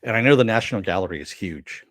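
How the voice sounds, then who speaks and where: A middle-aged man hosting a live-stream review, chatting casually and answering viewer comments with many fillers and pauses. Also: fairly low pitch, animated, a bit bright, no room sound, clean studio sound. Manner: rambling, with frequent fillers and throat clearing.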